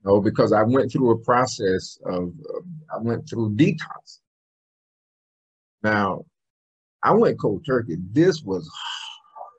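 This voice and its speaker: Guest interviewee: middle-aged man, motivational speaker, very raspy voice, fairly low, earnest storyteller. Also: animated, slow pace, pauses often, dull audio. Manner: emphatic, earnest storytelling with bursts of laughter.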